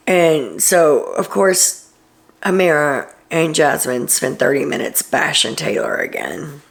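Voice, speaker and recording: An expressive woman hosts a show and talks through a casual recap at a measured pace, her voice low, gravelly, and creaky. She's opinionated and chatty, with lots of ums and asides.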